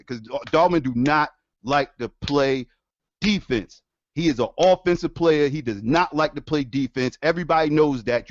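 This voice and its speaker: A man ranting on his stream in a casual, profane, animated way, laughing often. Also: a little high, no echo. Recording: dull lo-fi dry sound.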